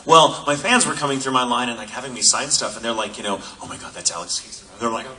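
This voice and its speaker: A male voice actor on a convention panel, telling lively anecdotes and slipping into voices. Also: mid-range voice, fast talker. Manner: animated storytelling with put-on voices. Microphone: phone in audience. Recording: distant phone recording with noise.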